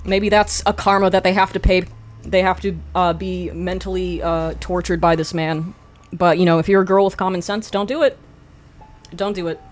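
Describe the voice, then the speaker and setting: A woman's voice: on the low side, flat delivery, moderate pace, soft background music. A young woman telling a casual storytime vlog, blunt and profane with sarcastic asides. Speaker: video creator.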